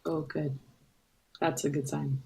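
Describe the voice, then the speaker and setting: A woman's voice: sits low, flat delivery, slow pace, creaky, warm tone, poor audio. A woman playing a tabletop game, speaking hesitantly and repeating her words as she decides what to do. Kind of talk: casual tabletop play.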